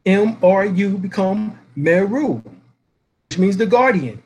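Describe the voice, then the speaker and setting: A man with a high-pitched voice delivers a lecture, citing dictionaries and spelling out words letter by letter. He talks emphatically and poses rhetorical questions to his listeners. A faint ambient hum sits behind him. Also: expressive, takes it slowly, darkish tone, low-quality recording. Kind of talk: reading and explaining references.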